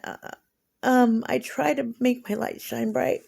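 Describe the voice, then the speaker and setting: A woman's voice: fairly high pitch, fairly even intonation, unhurried, gravelly, darkish tone, breathy edge. A woman in her forties rambling emotionally through a casual vlog monologue. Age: 40s.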